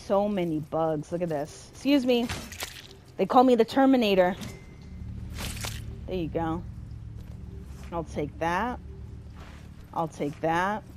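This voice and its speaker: Animated, slow-talking woman gamer. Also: fairly low pitch, slight background noise. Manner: expressive, easily exasperated, talks to herself. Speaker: gameplay commentator. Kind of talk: casual let's-play commentary.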